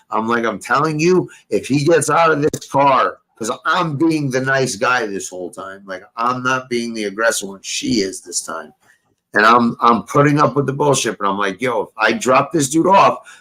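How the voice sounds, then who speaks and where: A man's voice: medium pitch, pushed and bright, low-quality recording. A young man hosting a casual talk show, telling a rambling story full of profanity and street slang. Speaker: podcast host.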